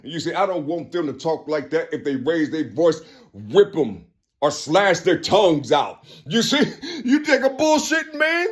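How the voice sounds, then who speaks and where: Man, vlog monologue; meandering, fond of "you know," chuckles, voice sits a bit high. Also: animated, a little slow. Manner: repeats "you see" and "you know" constantly, restarts often; laughs between phrases, drops suddenly low and quiet. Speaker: vlogger. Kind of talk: rambling monologue to camera.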